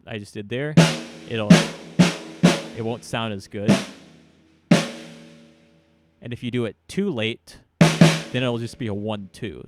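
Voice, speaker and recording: A man giving a casual drum lesson, explaining hits and counting beats aloud. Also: mid-range voice. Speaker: drum teacher. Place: room with a drum kit. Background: drums played between talk.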